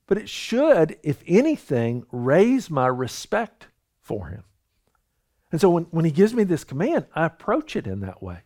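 A man's voice: fairly high pitch, wildly swooping pitch, a little slow, a little mellow. A man preaching a sermon in an earnest, conversational way, often stumbling over and repeating words. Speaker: pastor.

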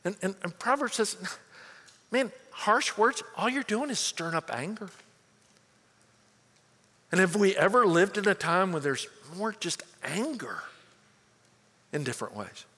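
A man preaching a sermon in an earnest, searching way, tripping over and repeating words as he builds a point. His voice sits a little high for a man, and it rings out with a long reverb through a large church hall. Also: sing-song, unhurried, long pauses, pushed and bright. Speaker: pastor.

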